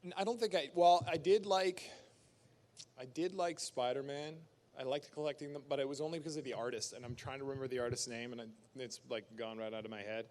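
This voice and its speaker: A Canadian actor telling stories at a fan convention Q&A, casual and animated, acting out quotes and laughing. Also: male voice, mid-range voice, fast talker. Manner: animated storyteller who acts out quotes and laughs. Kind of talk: casual storytelling Q&A. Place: convention panel room.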